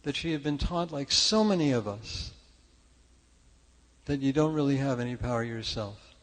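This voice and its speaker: A man's voice: medium pitch, lively intonation, moderate pace. Older man giving a chatty sermon in a reverberant hall. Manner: chatty, self-deprecating, frequent restarts. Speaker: speaker at a spiritual church service. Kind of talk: conversational sermon with storytelling. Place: church sanctuary.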